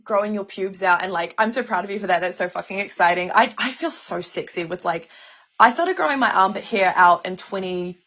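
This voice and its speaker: A woman co-hosts a casual podcast, speaking emotionally, stammering, and swearing often. Her mid-range voice is brisk and fairly bright, captured with lo-fi sound.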